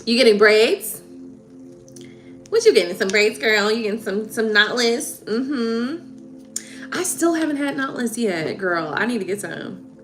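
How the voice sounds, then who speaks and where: A woman reading tarot on a livestream, chatting casually and warmly with viewers, laughing and getting emotional. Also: fairly high pitch, lively intonation, unhurried. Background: soft background music.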